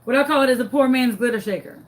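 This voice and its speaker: A woman telling a comic story in a craft tutorial, animated, dramatic and self-mocking. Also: high voice, fast. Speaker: crafting vlogger.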